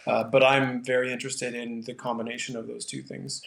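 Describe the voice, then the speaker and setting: Flat-voiced man with a rambling manner. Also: medium pitch, a little fast, vocal fry, reverberant, slight background noise. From Canada. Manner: thoughtful, rambling with many fillers. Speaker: painter, guest. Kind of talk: casual interview conversation.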